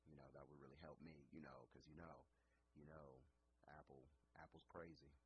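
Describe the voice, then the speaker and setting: A man's voice: rumbling low, steady tone, normal speed, background noise. A man hosting a late-night radio show and podcast, talking casually in a rambling, profane way with lots of fillers, in a studio. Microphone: headphones and studio mic.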